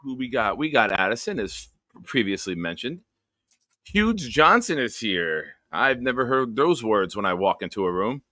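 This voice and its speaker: Bright-voiced joking show host man. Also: medium pitch, very animated, moderate pace, no echo, clean studio sound. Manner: jokey, upbeat roll call of viewers. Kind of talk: casual live-stream chat.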